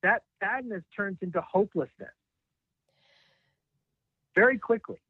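A man's voice: sits high, unhurried, breathy edge, dry recording. A male guest on a live talk who speaks reflectively and asks rhetorical questions. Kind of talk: conversational discussion. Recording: tinny dry phone-like line.

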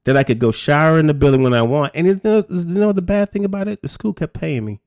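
Middle-aged man, raised pitch, dry close mic, candid storyteller who acts out quotes. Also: quick pace, no echo. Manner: animated, acts out other people's voices in quotes. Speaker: guest telling his story.

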